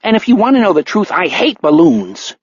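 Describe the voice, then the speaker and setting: A man's voice: high voice, big pitch swings, fairly quick, slightly rough, dry recording, highs cut off, voice pushed up, full character voice. A man reading an audiobook voices a sour, greedy middle-aged nursing home boss who gripes about everything. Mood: griping. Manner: griping, complaining.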